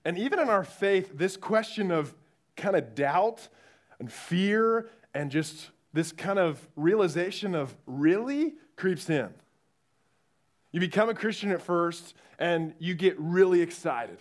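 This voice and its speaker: A high-voiced young man gives a youth sermon in a church room. He tells his story with lively energy and acts out the voices of the people in it. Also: unhurried. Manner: animated storytelling, acting out quoted voices. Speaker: youth pastor.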